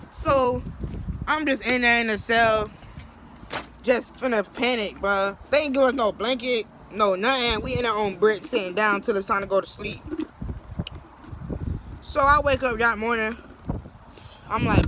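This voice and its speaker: A man's voice: very high-pitched, unhurried, long pauses, background noise. A man telling a personal story in a casual, slangy, rambling way. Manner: slangy, rambling, animated retelling with acted quotes.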